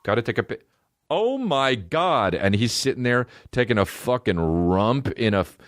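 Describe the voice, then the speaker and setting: A man hosting a comedy podcast, riffing alone in a profane, rambling, animated way. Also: medium pitch, normal speed, no room sound, studio quality.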